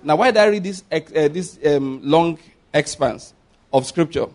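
Male pastor, sermon, slow emphatic scripture reading, direct address to congregation, slightly higher voice. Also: a little mellow. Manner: reads scripture aloud slowly with rising emphasis, then explains briskly; addresses the congregation directly, asking them to repeat words.

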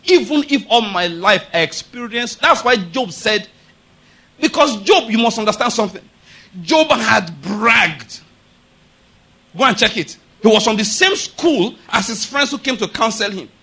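Male preacher, high and bright, emphatic, keeps questioning the congregation. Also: lively intonation, normal speed, breathy edge. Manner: emphatic, rhetorical questions to the audience. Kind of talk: sermon.

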